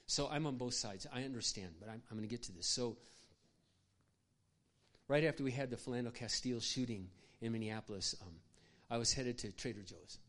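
An older male pastor preaches with passion in a mid-pitched voice. He tells stories conversationally and breaks off for asides to the congregation. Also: a little fast, a bit bright. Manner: impassioned, conversational, with asides to the audience. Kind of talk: sermon storytelling.

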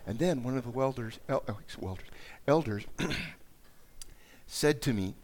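A man's voice: mid-range voice, expressive, unhurried. A man preaching a conversational sermon, often repeating and restarting words and raising his voice when he reads scripture aloud. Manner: conversational, dramatic rises in voice while reading scripture. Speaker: pastor.

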